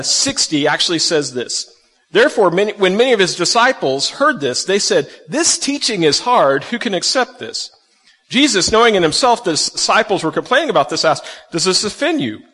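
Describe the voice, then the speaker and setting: Man, pastor preaching, fairly high voice, long hall echo. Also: sharp tone. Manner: conversational, asks the audience questions. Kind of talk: sermon.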